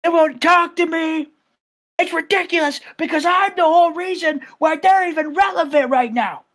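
Man putting on an arrogant wrestler, much higher voice, bitter, ranting, boastful. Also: moderate pace, a bit bright. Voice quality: high, strained ranting.

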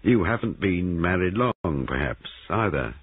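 A persistent, formal police sergeant, as a man reads him in an audiobook, with a low, husky voice that rises and falls with lively emphasis. The sound is dry and thin, like a tinny band-limited recording. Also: a little slow, no echo, full character voice. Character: brisk police sergeant investigating a murder.

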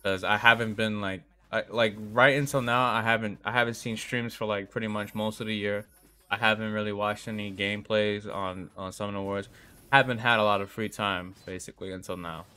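A man's voice: lowish voice, fairly even intonation, fairly quick, bright, forceful tone. A young man live-streaming a game, chatting casually with viewers, swearing often, rambling and laughing.

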